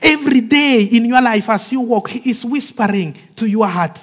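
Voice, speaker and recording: A man preaching a sermon with emphatic delivery that drops to soft, hushed phrases, acting out the voices of the people in his stories. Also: very high voice, moderate pace. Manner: acts out quoted speech of the people in his stories.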